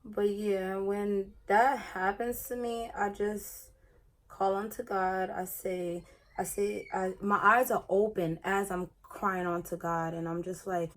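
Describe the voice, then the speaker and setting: A young woman in a casual get-ready-with-me vlog, talking in a chatty, animated way while she does her makeup. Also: medium pitch, a little slow. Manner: chatty and animated, retelling her own experience. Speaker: beauty vlogger.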